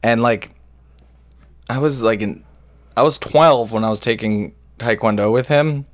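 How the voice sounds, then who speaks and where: A man's voice: medium pitch, measured pace. A man co-hosting a podcast, laid-back, swearing and telling a story from his childhood. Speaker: podcast co-host. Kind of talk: casual podcast chat.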